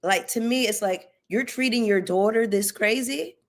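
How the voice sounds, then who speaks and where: A woman hosting a casual live stream, sassy and animated as she greets her viewers by name and rants about reality TV. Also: fairly high pitch, moderate pace. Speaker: YouTube commentary host.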